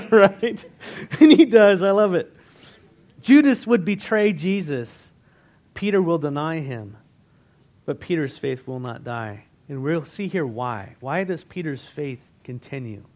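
A man's voice: on the high side, animated, slow pace. A man preaching a sermon in a conversational way, asking the congregation questions and retelling scripture in everyday words. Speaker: pastor.

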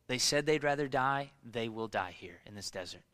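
A man voicing God as a stern, exasperated deity, dropping lower and quieter than his preaching voice. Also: expressive, moderate pace, close to an everyday voice. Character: weary, stern God, a male deity pronouncing judgment.

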